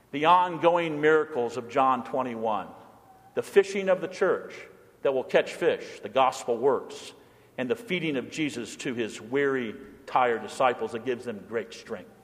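A male pastor preaching a sermon in a church, animated, acting out quotes and rising to near shouts. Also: sits high. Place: church sanctuary. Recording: long hall reverb.

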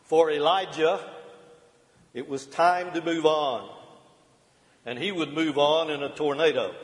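A middle-aged pastor delivers his sermon in a measured, earnest cadence. His voice sits a little high for a man. A long reverb trails each phrase through the large church sanctuary.

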